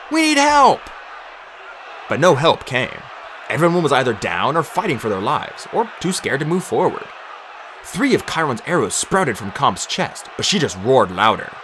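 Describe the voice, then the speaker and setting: Animated male audiobook narrator. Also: mid-range voice, a little hiss or hum. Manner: animated, dramatic storytelling with raised voice for shouted lines.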